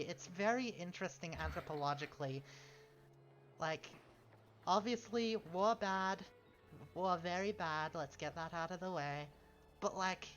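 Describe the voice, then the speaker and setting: A man's voice: on the high side, fairly bright tone. A man chatting casually on a game stream, rambling and correcting himself with chuckling asides. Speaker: streamer playing a strategy game. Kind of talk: casual gaming stream chat. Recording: slightly dull stream audio, faint game music.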